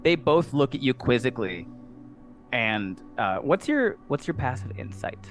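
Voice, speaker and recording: A man narrating a tabletop game as dungeon master, in a playful, animated way. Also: mid-range voice, a little slow. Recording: music underneath.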